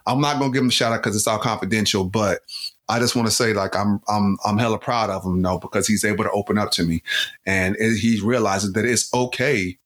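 A man's voice: on the low side, fairly bright tone. A man who co-hosts a podcast and works as a life coach, talking earnestly and from the heart in a casual chat, with lots of filler words.

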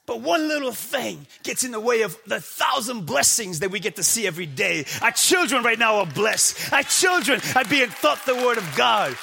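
High, husky, forceful preaching man. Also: very animated, normal speed, few pauses. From United States. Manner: impassioned preaching, rhetorical questions, often shouting. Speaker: pastor. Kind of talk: sermon. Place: church before a congregation.

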